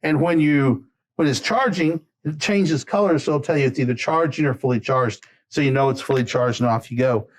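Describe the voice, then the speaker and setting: A man presenting products on a live shopping stream in a relaxed, chatty way, explaining features step by step. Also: medium pitch, fairly quick. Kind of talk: live product demo chat.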